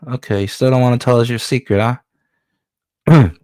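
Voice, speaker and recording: A man's voice: mid-range voice, fairly even intonation, normal speed, darkish tone, clear, resonant tone, no room sound, voice pushed up, close to an everyday voice. A man voicing a cruel, hot-tempered male villain boss from a comic book, snarling profane threats. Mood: taunting.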